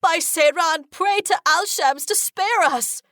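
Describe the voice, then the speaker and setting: A woman's voice: extremely high pitch, slow pace, fairly bright tone, no room sound, clean studio sound, voice pushed up, heavily acted. A woman voicing a male sailor crying out in terror. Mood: terrified.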